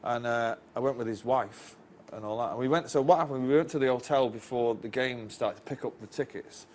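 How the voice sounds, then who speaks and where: A man's voice: medium pitch, brisk, a little mellow, slight background noise. Rambling Northern English male storyteller. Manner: rambling storyteller, chuckles often, restarts lines. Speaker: interview guest. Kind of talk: casual anecdote telling.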